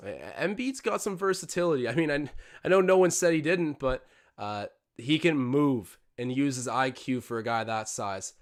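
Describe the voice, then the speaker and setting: A young man hosting a live watch-along stream, commentating on a basketball game and getting excitable on big plays. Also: moderate pace. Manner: excitable, jumps up in pitch and volume on big plays. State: out of breath. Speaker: livestream host doing game commentary.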